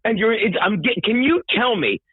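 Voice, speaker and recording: Profane, husky-voiced man ranting over the phone. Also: high-pitched, expressive, normal speed, dry recording. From New York. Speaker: guest. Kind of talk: casual talk show banter. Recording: tinny phone line.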